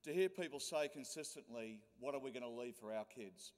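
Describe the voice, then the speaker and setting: Australian union man, rousing speech, mid-pitched, stage mic with long hall reverb. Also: lively intonation, fairly quick. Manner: rousing, calls out to the crowd. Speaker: union leader, keynote speaker. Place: large conference hall.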